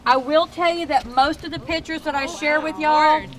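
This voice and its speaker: A woman's voice: high-pitched, steady tone, normal speed, poor audio. Folksy Texan woman guiding a ghost tour. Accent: Southern US (Texas). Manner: chatty, folksy, projects to a crowd. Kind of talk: storytelling tour talk to a crowd. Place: outdoors on a town street tour at night. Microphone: camera held by a tour member.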